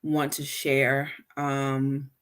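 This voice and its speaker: A woman hosting a casual talk on healthy communication, speaking straight to her listeners, animated and stumbling into frequent restarts and repeated words. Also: a bass voice, drawn-out words. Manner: addresses listeners directly. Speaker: podcast host.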